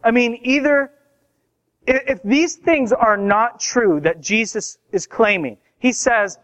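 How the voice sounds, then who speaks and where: A man preaching a sermon in a conversational way, getting louder and higher to stress key points. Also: slow pace, highs cut off. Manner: conversational preaching, rising loud for emphasis. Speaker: pastor.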